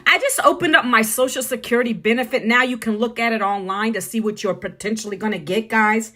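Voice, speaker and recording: A woman's voice: on the high side, brisk, pushed and bright. A middle-aged woman from the United States, talking bluntly and preachily to viewers on a phone live stream. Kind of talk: casual live-stream monologue.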